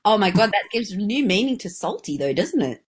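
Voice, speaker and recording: A woman's voice: medium pitch, very animated, normal speed, breathy edge. A woman co-hosting a casual podcast chat, laughing often and reading out sayings with playful emphasis. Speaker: podcast co-host.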